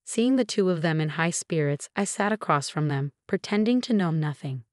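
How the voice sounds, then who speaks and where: Low, dry-voiced woman narrating a story. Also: animated, moderate pace, no room sound. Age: 40s. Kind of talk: scripted first-person story narration.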